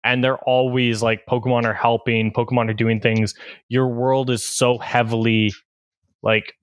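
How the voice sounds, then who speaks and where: Clear-voiced man narrating a tabletop game. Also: medium pitch, flat delivery, normal speed, no echo. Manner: casual, filler-heavy narration. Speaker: game master.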